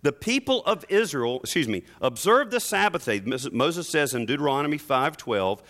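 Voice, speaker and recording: Lively-voiced male preacher. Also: fairly high pitch, moderate pace. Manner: expressive preaching, swings between soft and emphatic. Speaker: pastor. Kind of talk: sermon.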